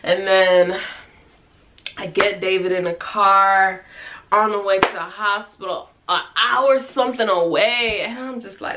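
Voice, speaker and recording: A young woman vlogger telling a personal story in a chatty, animated way, with restarts and quoted dialogue. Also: mid-range voice, measured pace, slight background noise. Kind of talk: casual storytelling vlog.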